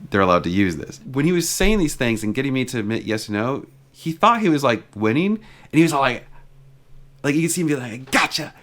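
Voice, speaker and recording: A man's voice: mid-range voice, very animated, fairly quick. A man vlogging in a casual storytelling style, talking chattily and peppering his retelling with "like". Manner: chatty, retells exchanges with lots of "like" fillers. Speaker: car vlogger.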